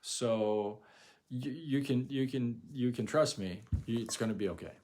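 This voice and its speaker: A man voicing a smooth-talking male scorpion in a retold fable, speaking in a casual, coaxing way. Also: unhurried, a little mellow, lightly acted. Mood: persuasive. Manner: casual, coaxing, low-key.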